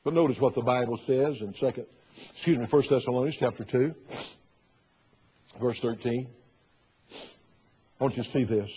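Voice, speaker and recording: Husky preacher, lo-fi sermon. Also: male voice, mid-range voice, moderate pace. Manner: storytelling preacher, acting out quoted voices loudly. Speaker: pastor. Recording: dull lo-fi sermon recording.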